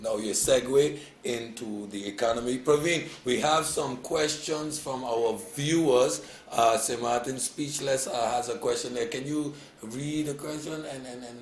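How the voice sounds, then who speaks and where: Playful talk show host in echoey room. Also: male voice, mid-range voice, slight background noise. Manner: playful, interjects and asks to slow down. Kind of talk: live TV talk show hosting.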